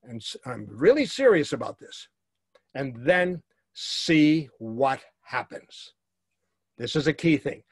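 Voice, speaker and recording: A man's voice: a little high, big pitch swings, takes it slowly, husky, no room sound, studio quality. A man teaching a workshop to actors and directors, speaking emphatically and repeating his key phrases.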